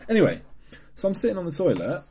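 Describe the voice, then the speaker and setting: Young man, podcast co-host, laddish banter, husky and animated. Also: high-pitched, fast. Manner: laddish, laughs a lot, crude humor. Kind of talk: casual chat.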